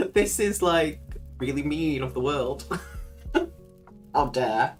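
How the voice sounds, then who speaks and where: A woman's voice: sits low, animated, extremely slow, soft background music. A woman hosting a casual livestream, chatting freely, laughing often and swearing casually. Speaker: livestream host.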